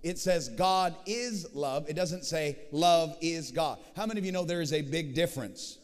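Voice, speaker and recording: A man preaching a sermon as pastor, swinging from shouted declarations to hushed, intimate passages and calling out to the congregation. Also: on the high side, moderate pace, in a large hall. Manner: dynamic preaching, swings from shouting to hushed tones, rallies the crowd. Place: large church hall.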